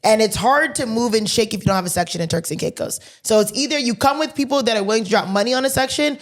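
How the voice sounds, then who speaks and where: Woman, podcast co-host, higher voice, animated storyteller who acts out dialogue and swears casually. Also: fast. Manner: animated, swears freely, laughs mid-sentence.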